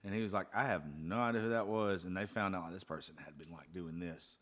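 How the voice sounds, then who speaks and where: A man's voice: low voice, fairly even intonation, fast talker, a bit bright. A man hosting a podcast, talking in a loose, rambling way with casual swearing. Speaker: podcast host.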